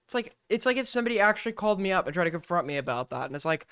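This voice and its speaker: A man's voice: high voice, sing-song, racing, few pauses, pushed and bright, clean tone. A man streaming and reacting to a video with rambling, profane and mocking commentary.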